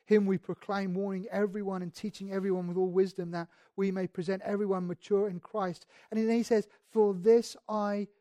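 High-voiced man preaching a sermon. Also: flat delivery, no room sound, studio quality. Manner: swings from quiet reflection to loud emphatic passages, asks the congregation questions; reads scripture aloud, slows down on key words.

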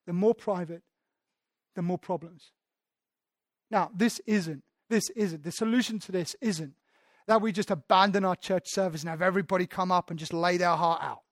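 A man's voice: high voice, moderate pace, no echo, clean studio sound. A man preaching a sermon as pastor, candid and self-deprecating, often restarting his sentences.

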